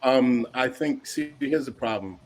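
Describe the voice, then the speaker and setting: A man's voice: mid-range voice, a little slow, slight background noise. A man on a podcast panel who lectures another guest in a pointed way. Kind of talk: heated panel debate.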